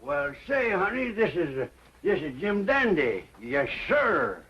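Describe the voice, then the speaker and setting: An actor playing a loud, brash older grandfather from the West with a folksy drawl and cackling laughs, in 1940s film acting. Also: high-pitched, sing-song, unhurried, breathy edge, heavily acted. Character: loud brash old western grandpa, rowdy. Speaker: boisterous grandfather visiting family. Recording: muffled old film soundtrack with hiss.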